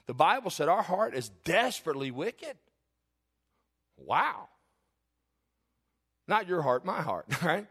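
A man's voice: a little high, very animated, slow, pauses often, a bit bright, breathy edge. A middle-aged male pastor preaching a sermon, conversational and candid, with rhetorical questions. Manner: confessional, candid storytelling.

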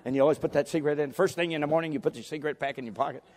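A man preaching a fervent sermon as pastor, swinging from near-shouts down to low, quiet lines. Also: racing. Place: church sanctuary. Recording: long hall reverb.

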